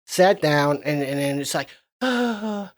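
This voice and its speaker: Laid-back, cussing podcast co-host. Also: male voice, a little high, lively intonation, a little fast. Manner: profane, laid-back banter with acted-out quotes. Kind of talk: casual movie recap chat.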